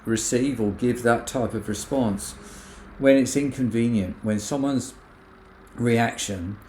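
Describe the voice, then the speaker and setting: Gentle-voiced man in an echoey room. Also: medium pitch, slow, slight background noise. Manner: gentle, acts out quoted remarks in other voices. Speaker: podcast co-host. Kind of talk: casual reflective chat.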